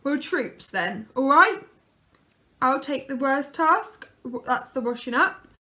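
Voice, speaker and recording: A woman's voice: high voice, lively intonation, takes it slowly, bright, forceful tone, heavily acted. A woman voicing a cheerful, bossy father who orders his children about like troops. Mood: hearty. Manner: hearty, commanding.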